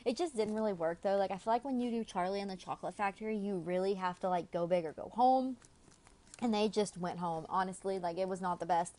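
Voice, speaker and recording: A woman's voice: medium pitch, fairly quick, dark tone. Young woman YouTuber, casual storytelling voice, talkative with frequent fillers. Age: young adult.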